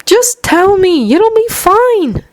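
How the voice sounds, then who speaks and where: A woman voicing an excitable, gentle teenage boy who sounds bright, earnest and eager. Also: extremely high pitch, moderate pace, no room sound, pitched above the performer's own voice. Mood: earnest, caring.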